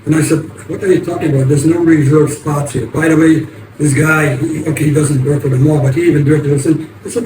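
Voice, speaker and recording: A steady hiss of noisy ambience runs beneath an older man's casual storytelling. He's an American vlogger whose somewhat high male voice sounds far off and echoey from his distance to the mic, and he rambles and halts, often starting over.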